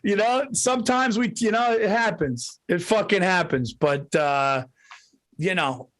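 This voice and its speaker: A man's voice: high voice, a little slow, fairly bright tone. A middle-aged comedian co-hosting a podcast, swearing freely, laughing often and acting out quotes as he tells stories in casual chat.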